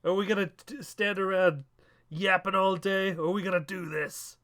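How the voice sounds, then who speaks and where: A man voicing a boastful, overacting male fire hero in a tabletop game, with loud, hammy challenges. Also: high voice, steady tone, normal speed, pitched above the performer's own voice.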